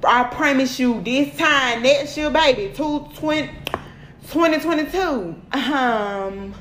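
A woman's voice: sits high, takes it slowly, fairly bright tone. A woman gives a casual spiritual tarot reading, blunt, preachy and full of swearing. She hammers her points home with "okay?" and "period." Her voice rings in a reverberant room over a faint hiss of noise. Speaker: tarot reader addressing her followers.

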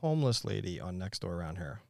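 A man's voice: deep voice, big pitch swings, fast talker, creaky, no echo, clean studio sound. Laid-back man in casual chat.

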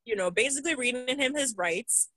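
A young woman, a podcast guest, tells a story in animated, profane casual chat and laughs often. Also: high voice, fairly quick, no room sound, poor audio.

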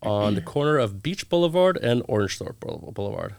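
A man's voice: fairly low pitch, brisk, vocal fry, no room sound. A man in his thirties, a guest in a casual interview, telling stories with energy and acting out the lines of the people in them. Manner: animated storyteller acting out quoted dialogue.

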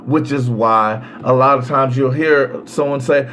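A man hosting a podcast, giving a slow, emphatic solo commentary on legal rights with long pauses. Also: mid-range voice, fairly even intonation, a bit bright, slight background noise. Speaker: podcast host.

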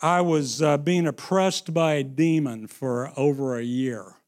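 A man preaching a sermon, slow and emphatic, dropping into hushed storytelling and rising again for emphasis. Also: a little high. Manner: slow, emphatic, swings into sung and shouted phrases.

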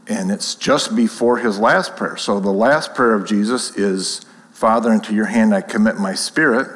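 A man with a fairly low voice preaches in a measured, explanatory way, reading passages aloud and then commenting on them. His voice rings out with a long reverb, as if in a large hall. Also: a bit bright. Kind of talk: sermon with scripture reading.

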